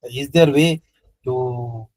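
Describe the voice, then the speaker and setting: A man's voice: mid-range voice, drawn-out words, darkish tone, no room sound, rough recording. A man asking questions in an online class, hesitant and searching for words. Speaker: student. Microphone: video call.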